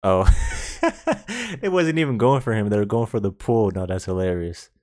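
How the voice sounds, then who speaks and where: Excitable man reacting, lively low voice. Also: fairly quick, slight background noise. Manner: excitable, laughs often, slangy asides. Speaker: reaction video host. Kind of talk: casual reaction commentary.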